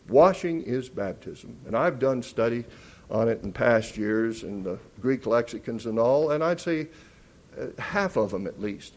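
A man preaching a sermon, emphatic and teacherly, asking questions and answering them. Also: on the high side. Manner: emphatic, rising loud on key words.

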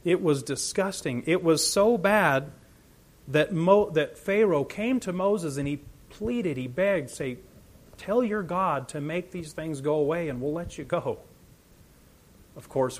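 A man preaching a sermon, animated and full of rhetorical questions, swinging between loud emphasis and quiet asides. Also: a little high.

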